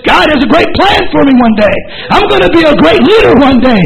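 A man's voice: very high-pitched, big pitch swings, brisk, gravelly, pitched above the performer's own voice, exaggerated voice, low-quality recording. A man preaching who voices a righteous young servant refusing temptation, pleading and emphatic, with many repeated phrases. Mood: resolute.

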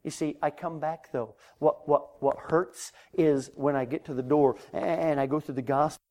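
A man preaching a sermon in a storytelling manner, acting out doorstep conversations and rising loud and high when he gets animated. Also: moderate pace.

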